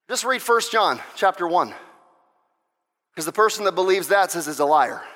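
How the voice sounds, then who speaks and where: A man preaching a sermon with impassioned delivery, swinging between shouted exhortations and quieter teaching and firing off repeated rhetorical questions. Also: high-pitched, lively intonation, normal speed. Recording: long hall reverb.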